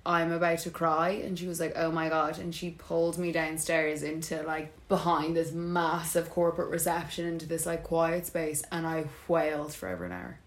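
A young Irish woman co-hosting a podcast, telling work stories in casual chat and acting out what people said. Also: lowish voice. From Ireland. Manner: animated storytelling, acting out quotes. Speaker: podcast co-host.

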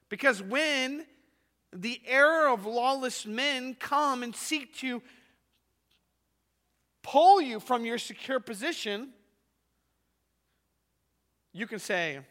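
A man's voice: very high voice, expressive, slow, pauses often, fairly bright tone, in a large hall. A male pastor preaching a sermon in an emphatic way, often ending his points with a rhetorical "right?".

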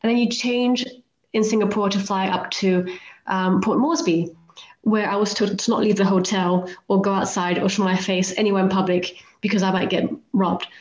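A woman's voice: mid-range voice, steady tone, normal speed, darkish tone. A woman guest on a podcast telling her travel stories in a chatty, self-deprecating way and acting out the lines people said to her. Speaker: guest author and volcano climber. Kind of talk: anecdotal storytelling in a podcast interview. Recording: roomy, slightly dull remote audio.

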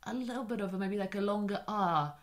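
A woman in casual conversation, lively and chatty, telling an anecdote with quick asides. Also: medium pitch. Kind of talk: casual chat.

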